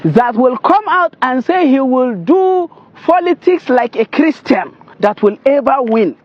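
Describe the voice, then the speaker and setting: High, lively Nigerian man scolding. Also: a little slow. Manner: indignant, scolding. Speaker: political commentator. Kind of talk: commentary translating a clip. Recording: dull lo-fi sound.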